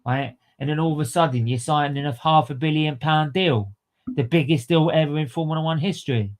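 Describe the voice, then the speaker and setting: A man's voice: fairly high pitch, a little fast. A man hosting a livestream, ranting about motorsport with repeated phrases, slang and swearing. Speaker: livestream host. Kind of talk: heated fan commentary on a livestream.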